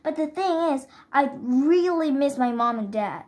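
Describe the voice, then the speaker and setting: A woman's voice: high voice, animated, a little slow, darkish tone. A woman reading the lines of an earnest, polite young boy in a storybook. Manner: polite, pleading, says sir.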